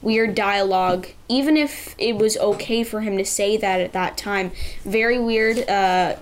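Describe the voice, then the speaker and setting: A woman's voice: medium pitch, measured pace. Plain-spoken woman giving her opinion. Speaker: podcast guest. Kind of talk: casual comic book discussion.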